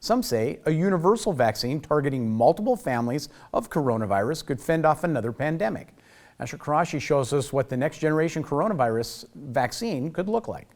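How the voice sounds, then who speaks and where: A man reading scripted news headlines as a morning news anchor, steady and formal. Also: on the high side, brisk.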